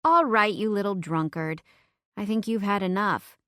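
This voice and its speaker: A woman's voice: medium pitch, moderate pace, a bit bright, dry recording, studio quality, close to an everyday voice. A woman narrator voicing the heroine's teasing, protective young female friend in an audiobook. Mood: bossy, caring.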